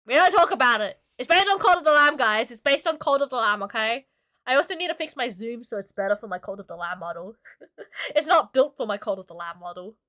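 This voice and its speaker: A woman with a lively, bouncy voice chats casually with her stream while she draws. She sounds bright and a touch high, giggles often and leans on filler words, and she is a little sick with a cough. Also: a little fast. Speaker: streamer and illustrator. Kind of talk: casual livestream chat while drawing.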